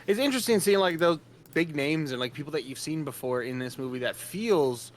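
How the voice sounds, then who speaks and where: A man's voice: fairly high pitch, expressive, brisk, slight background noise. Easygoing young man, hesitant casual chat. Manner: hesitant, loose, lots of "uh". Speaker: podcast co-host.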